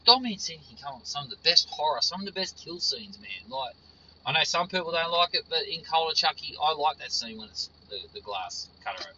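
A man's voice: fairly high pitch, pushed and bright, muffled recording, slight background noise. A man ranting casually as a frustrated horror fan, swearing often and repeating his points. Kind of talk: casual profane rant.

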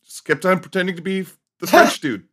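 A man in casual podcast chat, retelling a story with many pauses and fillers. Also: sits high, very animated, pushed and bright.

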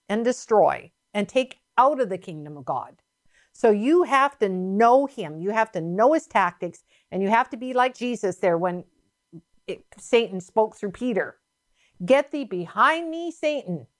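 A woman preaching a sermon in an emphatic, fervent, repetitive way. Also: fairly high pitch. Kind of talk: sermon teaching.

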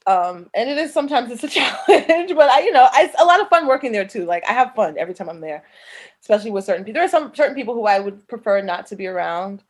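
A woman's voice: fairly high pitch, big pitch swings, fast. A woman from New York who performs burlesque, talking frankly in a casual chat with slang and frequent laughter.

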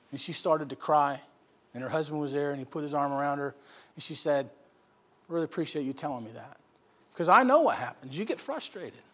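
A man preaching a sermon, swinging from loud emphatic bursts to quiet storytelling. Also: on the high side. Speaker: pastor.

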